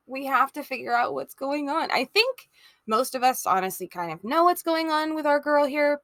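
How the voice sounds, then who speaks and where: A young woman hosting a let's play, reading a story game aloud and reacting to it in a chatty, expressive way. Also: high voice, normal speed, dry recording. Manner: chatty, expressive, laughs often. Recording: voice over background music.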